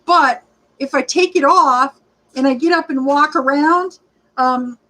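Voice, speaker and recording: High, bright-pitched woman in her forties, rambling livestream host who greets chat by name and sometimes runs short of breath. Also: unhurried, poor audio. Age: 40s. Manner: rambling, chatty, greets viewers by name, frequent fillers. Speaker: livestreaming rideshare vlogger. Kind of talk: casual livestream chat reading comments.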